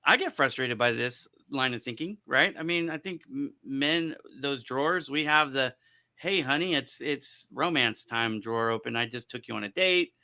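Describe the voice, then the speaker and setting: A man hosting a panel discussion, joking and telling animated stories with quoted voices. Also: mid-range voice, normal speed, few pauses, clean tone. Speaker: panel host.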